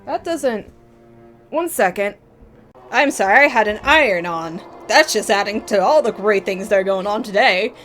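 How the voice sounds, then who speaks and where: A woman's voice: mid-range voice, animated, normal speed, a bit bright, soft background music. A woman hosting a let's play, reacting emotionally to a story game and swearing freely. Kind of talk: casual gameplay commentary.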